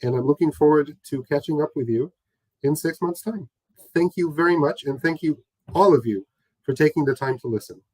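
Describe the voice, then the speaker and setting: A man's voice: a little high, normal speed, mellow, no echo, poor audio. A man hosting a webinar, talking conversationally with frequent fillers and restarts. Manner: conversational, hesitant with many fillers. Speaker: webinar host. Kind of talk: casual webinar talk.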